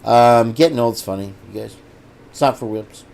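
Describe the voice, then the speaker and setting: A man's voice: medium pitch, normal speed, creaky, darkish tone. A man hosting a casual livestream, rambling and chatting straight to his viewers. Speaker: host.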